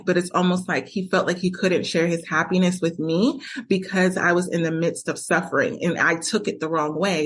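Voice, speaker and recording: A woman's voice: lowish voice, husky. Woman podcast host, candid confiding tone, acts out quoted arguments, coaching monologue. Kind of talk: personal monologue with advice.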